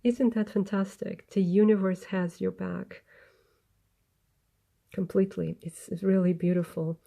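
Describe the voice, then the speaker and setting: Mellow-voiced woman giving a tarot reading. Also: mid-range voice, fairly even intonation, a little slow, vocal fry. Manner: gentle, earnest, meandering with restarts. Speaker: tarot reader. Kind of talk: spoken tarot reading to camera.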